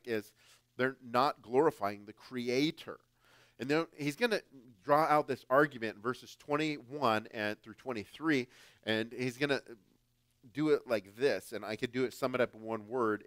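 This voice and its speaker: A male preacher from the United States speaks at a middle pitch, casual and emphatic, pushing some phrases loud and dropping others low. The recording is dry and close, with no room sound. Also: dry recording. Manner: emphatic, conversational, swings louder and softer. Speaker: guest pastor. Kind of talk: sermon.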